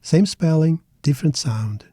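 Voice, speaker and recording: A middle-aged man teaching a pronunciation lesson, slowly modeling words syllable by syllable. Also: on the high side, animated, warm tone, breathy edge, no echo, clean studio sound. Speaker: language teacher. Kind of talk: slow, careful pronunciation lesson.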